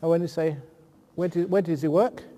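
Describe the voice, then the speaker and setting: A Buddhist monk giving a dharma talk answers audience questions, joking and telling anecdotes. His mellow voice is fairly high and fairly quick with fairly even intonation, and the recording carries long hall reverb and faint ambient noise.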